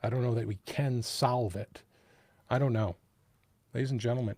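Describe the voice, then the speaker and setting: A man with a New York accent talks through a case on his live show. He rambles, restarts and gets animated. His voice sounds dry and close, with a middle pitch. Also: normal speed, long pauses, no echo. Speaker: host of a live true-crime stream. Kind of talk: casual live-stream talk.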